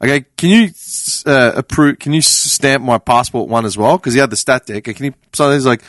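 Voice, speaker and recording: An Australian man on a podcast panel, telling a story in a casual, animated way. He acts out the people in his story, swears casually and laughs often. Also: medium pitch, moderate pace, no room sound, studio quality.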